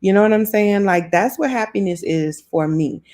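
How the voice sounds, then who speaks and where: A woman with a New Orleans accent sits in her South Florida home, casually chatting with live-stream viewers, reading their comments and laughing often. Originally from New Orleans, she has a mid-range, somewhat dark voice and talks at a moderate pace.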